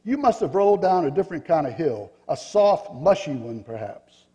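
A man voicing a yellow wooden figure who confidently explains everything in a storybook reading. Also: fairly high pitch, sing-song, moderate pace, big-room sound. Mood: insistent. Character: know-it-all yellow wooden male figure.

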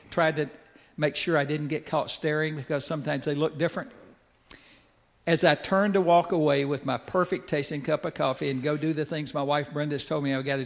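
A man's voice: on the high side, creaky. An older man giving a folksy, conversational sermon story, with asides to the audience. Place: church sanctuary. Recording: echoey church hall.

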